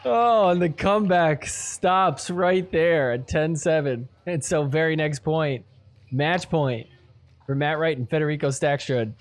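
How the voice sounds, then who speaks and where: A man's voice: on the high side, unhurried. A man hosting a podcast, giving casual commentary over match clips, laughing often and mock-quoting the players.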